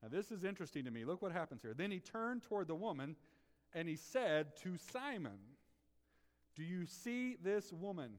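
A man preaching a sermon with passion, swinging from loud outbursts to hushed tones and asking his listeners rhetorical questions. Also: fairly high pitch, very animated, fairly quick, long reverb tail. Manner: asks the congregation rhetorical questions. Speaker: pastor.

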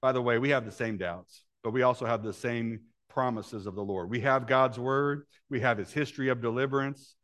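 A man delivering a sermon in a relaxed, conversational way. He keeps checking in with his listeners through short questions and slips into the voices of the characters in the story he is telling. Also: medium pitch, fairly quick, hardly any pauses. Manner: conversational, asks the congregation questions; acts out the voices of Bible characters. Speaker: preacher.

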